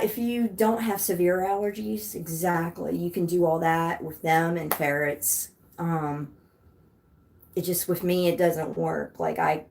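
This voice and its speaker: A woman's voice: on the low side, vocal fry, a little mellow. A woman hosting a casual livestream, rambling and chatty as she answers comments from her viewers. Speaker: livestream host.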